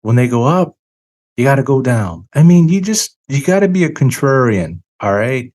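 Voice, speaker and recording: His voice sits mid-range with a darkish, sing-song quality as he runs his finance channel. In this opinionated monologue he seems a little tired, leaning heavily on key words with long, emphatic stresses.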